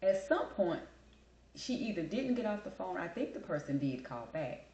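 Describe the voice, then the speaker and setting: A woman's voice: fairly low pitch, sing-song, moderate pace, a little mellow, echoey room, dull audio. A woman hosting a casual chat show, telling a story in a blunt, emphatic, talkative way. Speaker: host.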